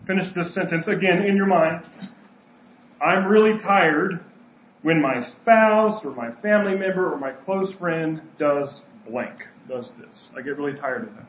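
Casual-sounding pastor in an echoey church. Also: male voice, fairly high pitch, a little hiss or hum. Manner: conversational, joking with congregation. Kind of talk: sermon. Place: church sanctuary. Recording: echoey, dull church recording.

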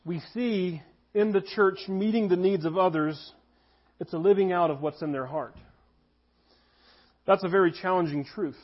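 A man's voice: high voice, moderate pace, pauses often, breathy edge. A man in his thirties preaching a sermon in a conversational way, now and then acting out little scenes from his stories. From United States. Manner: conversational preaching, shifts into voiced anecdotes. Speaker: pastor. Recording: dull lo-fi audio.

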